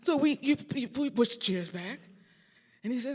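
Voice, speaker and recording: An older man, a church organist and choir director, giving a storytelling lecture in a large concert hall, animated and breaking into sung snippets. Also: very high voice, normal speed. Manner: animated, sings snippets and acts out quotes.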